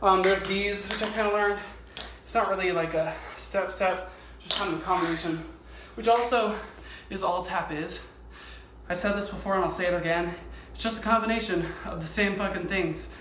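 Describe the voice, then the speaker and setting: A man's voice: high voice, normal speed, background noise. A man giving a casual, rambling tap tutorial at home, self-mocking and swearing often. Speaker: tap dancer teaching. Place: home garage. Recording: echoey garage with loud tap clatter. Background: tap shoe clicks on floor.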